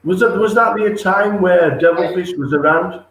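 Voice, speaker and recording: A man interviewing a poker player in a casual, eager way, quick to laugh. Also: sits high, a bit bright. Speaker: stream interviewer. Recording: echoey room.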